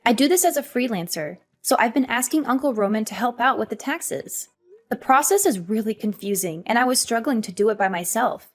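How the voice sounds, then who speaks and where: A woman voicing a hurt but defiant young adult daughter in an animated story, talking in an earnest, emotional way. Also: fairly high pitch, fairly quick.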